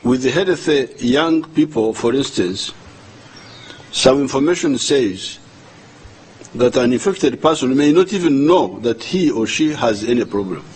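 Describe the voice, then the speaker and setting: Slow older Ugandan man addressing the nation. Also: medium pitch, animated, a little mellow, slightly rough, low-quality recording. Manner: slow and deliberate, repeating words while searching for them. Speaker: head of state addressing the nation.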